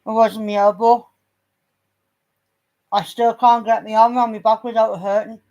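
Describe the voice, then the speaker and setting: A woman's voice: on the high side, flat delivery, moderate pace, mellow, lo-fi sound. A woman, chatting casually on a vlog, blunt and teasing, swearing freely. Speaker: vlogger. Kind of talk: casual chat.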